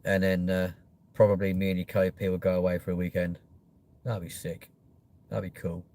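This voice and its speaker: Brief: young guy, lowish voice, sweary live-stream host riffing loosely with chat. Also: level tone, normal speed, darkish tone. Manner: sweary, jokey, chatty with viewers.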